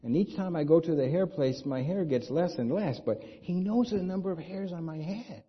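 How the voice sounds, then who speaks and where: Husky-voiced man preaching a sermon. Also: a little high, expressive, normal speed. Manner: conversational preaching with rhetorical questions. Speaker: pastor. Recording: dull lo-fi sound.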